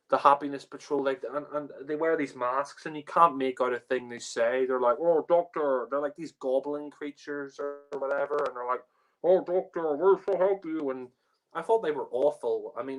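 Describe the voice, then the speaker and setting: A man's voice: medium pitch, fairly even intonation, normal speed, a bit bright, rough recording. Rambling man giving a casual review. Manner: rambling, many fillers and restarts. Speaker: podcast panelist reviewing a TV story.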